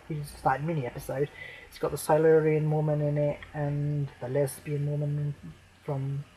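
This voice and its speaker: A man ranting to camera as a fan, swearing a lot, rambling with many fillers, and breaking into shouted outbursts. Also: a little high, poor audio. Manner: shouts and near-cries in outbursts. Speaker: vlogger.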